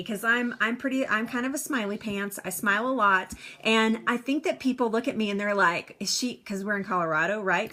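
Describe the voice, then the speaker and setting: A woman's voice: a little high, normal speed, sharp tone. Upbeat, chatty woman. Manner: upbeat, chatty, laughs often, reads comments aloud. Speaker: wellness coach on a live stream. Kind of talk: casual live-stream talk to viewers.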